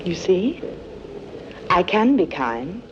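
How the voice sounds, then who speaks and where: An actress playing a cruel, commanding villainess in a 1960s adventure film, silky and menacing. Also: female voice, lowish voice, very animated, slow pace, slight background noise. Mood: seductive. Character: cold, cruel villainess woman who commands followers. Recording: dull lo-fi film soundtrack with music.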